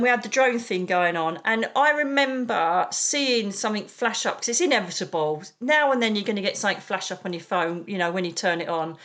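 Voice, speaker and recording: A middle-aged British woman, a psychic medium, talking in an animated, chatty way as an interview guest and calling people darling. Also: medium pitch. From United Kingdom. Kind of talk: casual interview chat.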